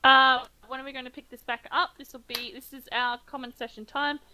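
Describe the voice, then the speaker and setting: A woman game master winding up an online session, soft and a little hesitant, filling gaps with ums. Her voice is a touch high and comes through a voice-call mic. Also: level tone, a little fast, a little hiss or hum, low-quality recording. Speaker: game master and stream host. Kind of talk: casual tabletop narration and stream chat.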